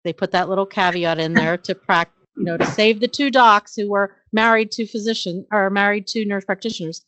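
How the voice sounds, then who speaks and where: A woman's voice: mid-range voice, fairly quick, a bit bright, no room sound. A middle-aged woman who works as a nurse practitioner, a guest in an interview. She tells career anecdotes earnestly, with frequent ums and uhs. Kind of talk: conversational storytelling interview.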